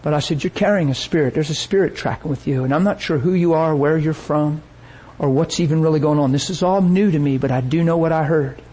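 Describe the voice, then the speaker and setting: A man preaching a sermon, telling a story with lively energy and acting out the people he quotes. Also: fairly high pitch, brisk, hardly any pauses, husky, rough recording.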